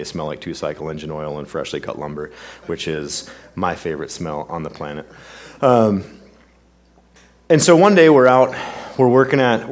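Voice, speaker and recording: A male pastor preaching a sermon, reading scripture with sweeping emphasis, then telling a personal story in an earnest, quiet way. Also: sits low.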